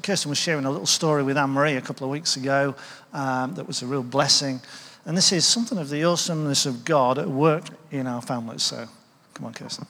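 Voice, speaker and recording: A man opens his sermon in a relaxed, conversational way, asking the congregation questions. His voice sits in the middle range. It rings out with a long reverb through the church hall. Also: medium pitch, quick pace, vocal fry, a little hiss or hum. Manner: warm, conversational preaching with rhetorical questions. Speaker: preacher.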